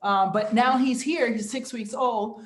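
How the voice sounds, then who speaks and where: A middle-aged woman performing a stand-up set, telling chatty, animated stories about her family. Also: a little high, unhurried, reverberant, slight background noise. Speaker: stand-up comedian.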